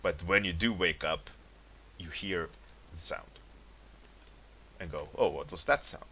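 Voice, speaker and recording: Low-voiced man chatting on stream. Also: a little slow, sharp tone, breathy edge. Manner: rambling, laughs often, reads chat names aloud. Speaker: livestreaming artist. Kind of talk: casual stream chat.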